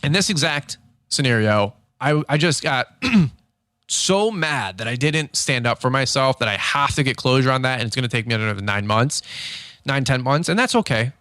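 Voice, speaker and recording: A man in his thirties hosting a podcast, telling a candid story in an animated, frank way and acting out conversations. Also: medium pitch, normal speed, no echo, studio quality. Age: 30s. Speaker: podcast host. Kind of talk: candid motivational podcast monologue.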